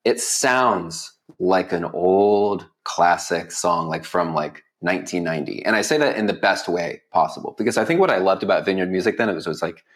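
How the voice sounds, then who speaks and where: A man's voice: deep voice, moderate pace, few pauses. A man interviewing a guest in a casual, enthusiastic way, peppering his talk with "like". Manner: enthusiastic, heavy use of "like" fillers.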